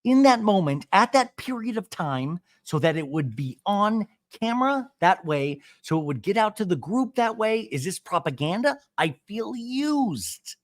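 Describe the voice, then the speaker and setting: A man imitating an indignant woman who complains that she feels used, in a raised, slow, drawn-out voice. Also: high-pitched, big pitch swings, no echo, studio quality, pitched above the performer's own voice. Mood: aggrieved.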